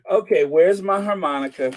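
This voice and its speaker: An older man hosting a casual livestream, rambling with jokey asides. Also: sits high. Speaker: channel host.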